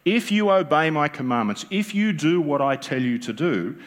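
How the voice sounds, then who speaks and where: A man's voice: fairly high pitch, lively intonation, moderate pace. An Australian man preaching a sermon as pastor, conversational and joking with the congregation, often asking them rhetorical questions. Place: church.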